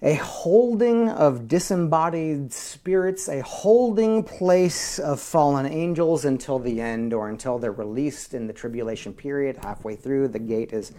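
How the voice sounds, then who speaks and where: A man's voice: mid-range voice, unhurried, hardly any pauses. Man preaching with wide dynamic swings. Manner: animated preaching that swings from whispers to shouts; call-and-response with the congregation. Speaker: pastor. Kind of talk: sermon.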